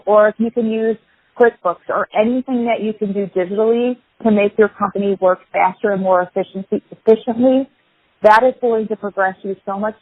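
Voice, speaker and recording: A woman's voice: medium pitch, no room sound. A woman guest in an interview, talking in a practical, encouraging way and often adding "right?". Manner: practical and encouraging, tag questions. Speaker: guest, home builder. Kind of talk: conversational interview. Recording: dry phone-like lo-fi line.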